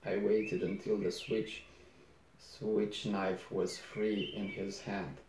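A man reading a novel aloud in first person, low-key and unhurried, with small slips and restarts. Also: flat delivery, vocal fry, darkish tone, a little hiss or hum. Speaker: audiobook reader. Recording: roomy echo.

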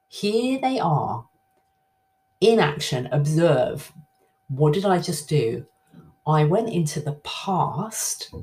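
A middle-aged woman hosting her own podcast, chatting casually and reflectively with lively swings in her voice. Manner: chatty, self-reflective, animated swings in pitch. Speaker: podcast host. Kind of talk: casual solo podcast talk.

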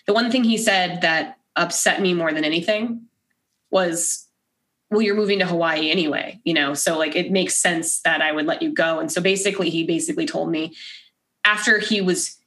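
A woman with a low voice chats as a podcast guest, her story told in an easy, everyday way. She is animated and full of "like", and she acts out the words of the people she quotes. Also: normal speed. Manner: animated, acts out quoted dialogue, heavy use of "like". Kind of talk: casual conversational storytelling.

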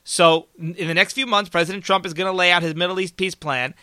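A podcast host, a man, speaks in a high, very bright and cutting voice, recorded dry and close. He talks in an emphatic opinion monologue, stacking rhetorical questions and turning to his listeners as folks. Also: fairly even intonation, brisk, dry recording.

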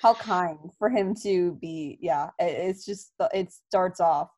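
A woman's voice: on the low side, slow pace, warm tone. Sarcastic woman in a podcast chat. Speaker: podcast co-host. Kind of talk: casual chat.

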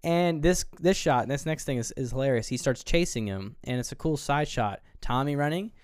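A man's voice: medium pitch, expressive, moderate pace, darkish tone, clear, resonant tone, no room sound, studio quality. A man co-hosting a podcast, casually retelling a film's plot, acting out lines and swearing freely. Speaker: podcast co-host. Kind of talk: casual film review chat.

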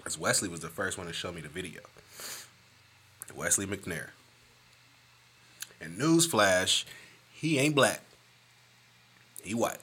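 Man, podcast host, solo rant; lively swooping delivery, bright forward tone, low-set voice, profane and jokey. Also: a little slow, pauses often, breathy edge. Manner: animated, profane, riffing and joking.

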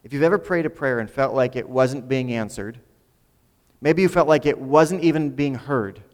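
A man's voice: medium pitch, normal speed, in a large hall. A man preaching a sermon in a conversational way, often repeating words as he builds a point. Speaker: pastor.

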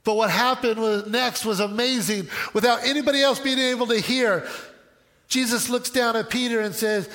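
A male pastor preaching a sermon in an animated way, with joking asides. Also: very high-pitched, moderate pace, big-room sound.

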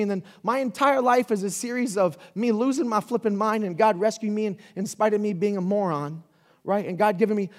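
A man preaching a sermon in a conversational, animated way, building to loud shouts. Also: sits high. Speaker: pastor.

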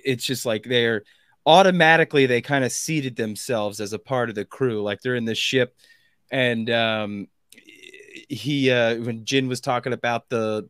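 A man's voice: medium pitch, fairly bright tone, smooth, no echo, clean studio sound. Rambling man in casual podcast chat. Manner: rambling, many fillers and restarts.

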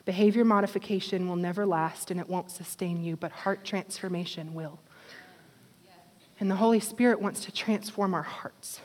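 A woman preaching a sermon with passion, swinging from fervent exhortation to quiet, intimate appeals. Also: lowish voice, moderate pace. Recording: long hall reverb.

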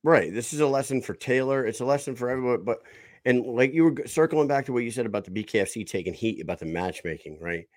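A man hosting a casual podcast, speaking in a relaxed, conversational way. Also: mid-range voice, fast talker, no echo, studio quality.

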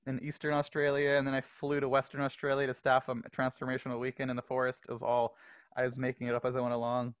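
Animated, laughing man telling stories. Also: medium pitch, quick pace, dry recording, clean studio sound. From Los Angeles. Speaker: podcast guest. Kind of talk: casual storytelling.

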